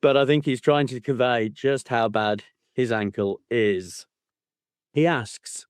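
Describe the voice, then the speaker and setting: A man's voice: mid-range voice, a little slow, a little mellow, clear, resonant tone, no room sound, studio quality. A man co-hosting a football book podcast, mocking and swearing as he laughs through the chat. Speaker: podcast co-host. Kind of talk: casual chat.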